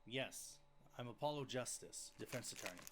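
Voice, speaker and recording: A man's voice: mid-range voice, animated, moderate pace, noisy background, close to an everyday voice. A man voicing an uneasy young defense attorney. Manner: nervous, grumbling. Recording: game audio with music behind.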